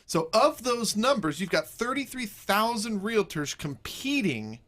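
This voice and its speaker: A male radio host with a high voice who talks in an animated, joking way. He repeats his points for emphasis. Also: a little slow. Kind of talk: casual talk radio.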